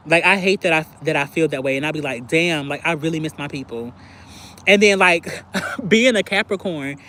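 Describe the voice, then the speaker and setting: A livestream host with a lowish but fairly bright voice reacts to her viewers in a casual live chat. She's candid and confessional, leaning heavily on filler words.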